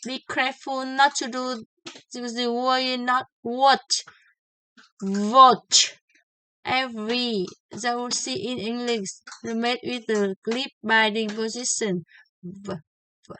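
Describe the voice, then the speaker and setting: Slow, bright-voiced woman teaching pronunciation. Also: fairly high pitch, fairly even intonation, clean tone, poor audio. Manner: slow, deliberate, repeats each word several times. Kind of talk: slow pronunciation lesson with drilled example words.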